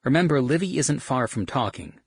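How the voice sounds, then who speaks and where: A man's voice: mid-range voice, big pitch swings, moderate pace, creaky, husky, no room sound, studio quality, voice pushed up, exaggerated voice. A man voicing an exasperated young mother who chides and whines at the men around her, in an audiobook. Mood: chiding. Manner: chiding, whiny. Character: young mother on a tour bus, exasperated and scolding. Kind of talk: audiobook character voice.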